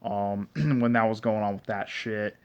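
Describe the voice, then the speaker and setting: Rambling man with frequent throat clearing. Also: lowish voice, steady tone, measured pace. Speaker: anime reviewer. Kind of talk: casual episode recap. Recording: dull lo-fi recording.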